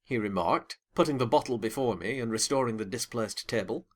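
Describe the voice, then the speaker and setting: A man reading a classic novel aloud as an audiobook, with a lively, dramatic first-person delivery. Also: medium pitch, brisk. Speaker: audiobook narrator. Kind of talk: expressive audiobook narration.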